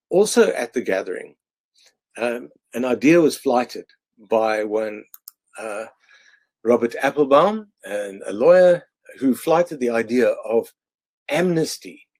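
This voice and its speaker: A man from South Africa, a cartoonist walking an online audience through his cartoons in a halting way, with many restarts. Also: mid-range voice, darkish tone, no room sound. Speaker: cartoonist presenting his annual.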